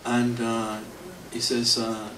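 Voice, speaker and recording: A middle-aged devotee speaks slowly in a monotone, his mid-range voice fairly bright, while telling anecdotes to an audience at a temple anniversary. He's rambling and self-mocking, often breaking into chuckles. The sound is roomy with faint hiss, from a distant mic in the temple hall.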